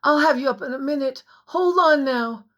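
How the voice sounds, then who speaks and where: A woman voicing a desperate young man on a cliff edge, calling out loud urgent pleas in an audiobook reading. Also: medium pitch, a little slow, slightly rough. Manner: loud urgent pleading shouts.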